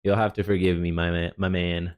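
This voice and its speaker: A jet-lagged male streamer giving relaxed, rambling reaction commentary with chatty asides. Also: deep voice, a little fast, clean tone. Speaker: streamer reviewing a developer stream.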